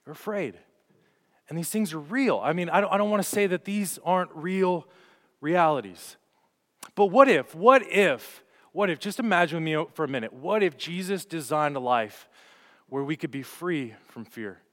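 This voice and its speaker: A man's voice: on the high side, animated, moderate pace. A young man preaching a sermon as pastor, telling stories earnestly with rising and falling emphasis. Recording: long hall reverb.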